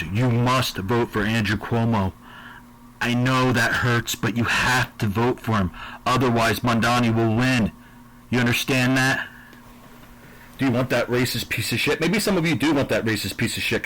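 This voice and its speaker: A man's voice: fairly low pitch, fairly bright tone, a little hiss or hum, rough recording. A man giving a profane, sarcastic, combative rant, then recapping his football picks. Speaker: sports and politics commentator.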